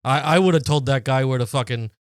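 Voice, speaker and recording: A man's voice: medium pitch, fast, clear, resonant tone, no room sound, clean studio sound. A man co-hosting a podcast in casual chat, brash and teasing, swearing freely. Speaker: podcast co-host.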